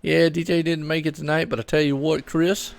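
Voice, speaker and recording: A man's voice: on the high side, little pitch movement, a little fast, vocal fry. A middle-aged man, doing solo live commentary on a sim race and chatting loosely with viewers. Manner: chatty, rambling, talks to chat viewers.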